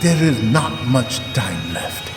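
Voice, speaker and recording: A man's voice: medium pitch, very animated, slow. Menacing Russian villain done by a man, put-on Russian accent, stereotypical evil voice, comedic audio drama, roomy long reverb. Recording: roomy reverb with loud music.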